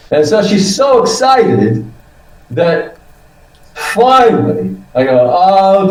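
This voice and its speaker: A man's voice: mid-range voice, very animated, normal speed, a little mellow, echoey room, recorded from a distance, poor audio. A man in his seventies, a guest telling a rambling, casual story about himself, acting out his own reactions and swearing now and then. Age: 70s. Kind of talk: casual testimonial chat.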